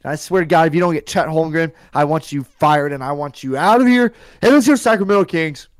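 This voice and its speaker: A man co-hosting a podcast, giving a brash, mocking, animated sports countdown rant. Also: a little high, fairly quick, no room sound, clean studio sound. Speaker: podcast co-host.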